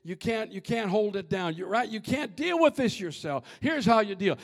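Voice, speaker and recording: A middle-aged man preaching a sermon, dropping to hushed near-whispers and rising to shouts. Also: high-pitched, expressive, normal speed, few pauses. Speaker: pastor.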